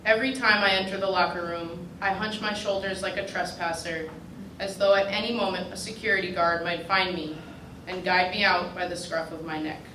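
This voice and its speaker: A woman's voice: fairly low pitch, steady tone, a little fast. A woman reading her own personal essay aloud at a writers' retreat, in a dry, wry manner. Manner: dry, wry delivery that draws audience laughter. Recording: roomy, distant mic with background noise.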